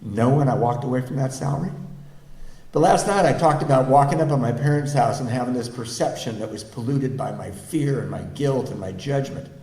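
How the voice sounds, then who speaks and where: A man's voice: medium pitch, a little fast, warm tone. A middle-aged man from the United States, a guest speaker at a recovery meeting, telling his own story to a live audience and acting out the people in it, laughing often. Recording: echoey meeting hall with faint ambience.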